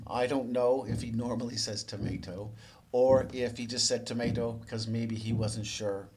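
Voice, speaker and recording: A man teaching English. He asks the viewer quiz questions, then explains the answers in a relaxed, conversational way. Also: mid-range voice. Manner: relaxed and conversational, with small restarts. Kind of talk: explanatory lesson narration.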